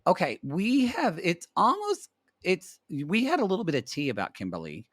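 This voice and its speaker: A man's voice: sits high, wildly swooping pitch, moderate pace, fairly bright tone, no room sound, studio quality. A man co-hosting a casual podcast, joking and bantering with crude humor. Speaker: podcast co-host.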